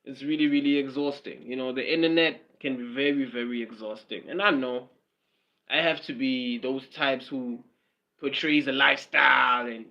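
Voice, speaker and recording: A man's voice: mid-range voice, fairly even intonation, moderate pace, vocal fry, highs cut off. A man with a South African accent rambling casually on a livestream, with repetitive fillers and mocking asides.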